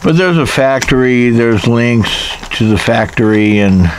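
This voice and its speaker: A man's voice: medium pitch, expressive, a little slow, slight background noise. A man casually reviewing a pocket knife in a rambling, wry way, with jokey asides.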